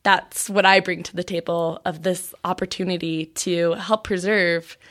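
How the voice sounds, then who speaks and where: In a casual conversational interview, a podcast host and audio biographer chats with friends about what she does, peppering in "like" and laughing at herself. Her voice is fairly low and fairly bright, with little pitch movement, at a normal speed.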